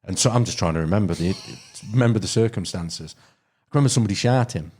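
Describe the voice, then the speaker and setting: A middle-aged man with a Midlands accent and a fairly low voice tells fishing stories on a podcast. He rambles in a relaxed way, with plenty of ums, asides and "you know what I mean". The talk is loose and conversational. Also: fast talker. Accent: English Midlands. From Derbyshire, England. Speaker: podcast guest, carp angler. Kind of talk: casual podcast chat, storytelling.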